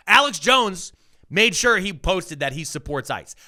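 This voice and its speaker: A man on a political podcast, ranting with fierce, profane anger, his voice jumping between loud outbursts and quiet mutters. His tone is very bright and cutting. It sits fairly high for a man. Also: sing-song, a little slow. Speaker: podcast co-host. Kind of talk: heated political rant.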